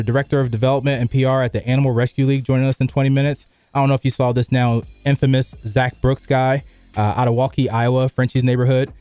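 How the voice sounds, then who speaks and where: A man's voice: mid-range voice, a little mellow, no echo. A middle-aged man hosting a sports radio show, chatting loosely with lots of fillers. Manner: loose and rambling, many fillers. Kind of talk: casual sports radio chat. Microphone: studio microphone.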